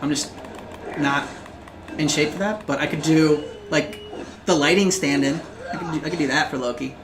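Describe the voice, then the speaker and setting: A man's voice: a little high, normal speed. A man co-hosting a casual gaming livestream, chatty and rambling, laughing often. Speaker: livestream co-host. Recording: echoey room with faint noise.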